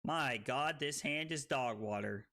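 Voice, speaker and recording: A tipsy man streaming a card game, swearing, laughing and breaking into loud excited outbursts. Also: medium pitch, unhurried. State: tipsy from drinking. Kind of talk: casual livestream commentary.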